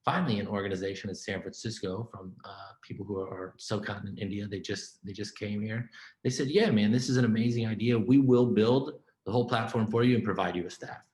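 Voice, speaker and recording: A man tells his story in a keynote talk, loose and animated, peppering his sentences with "man" and "right?". His voice sits on the low side. The room around him gives a noticeable echo. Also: a little fast. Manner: informal and animated, with repeated "man" and "right?" and stacked restarts. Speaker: keynote speaker.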